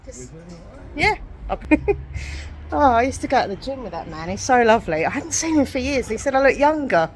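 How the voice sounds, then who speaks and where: A woman's voice: high voice, sing-song, normal speed, pauses often. A woman from England talking casually to her camera as she walks about and sits in a café, chatty and self-deprecating. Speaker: vlogger. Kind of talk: casual chatty vlog narration. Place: out and about, then inside a busy café.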